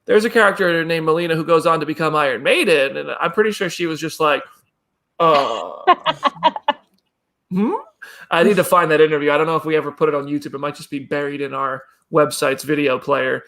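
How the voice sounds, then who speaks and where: Gravelly-voiced man hosting a chat show. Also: fairly high pitch, fairly even intonation, quick pace, hardly any pauses, a bit bright. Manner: chatty, reads viewer comments, throws questions to co-hosts. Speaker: podcast host. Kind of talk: casual chat.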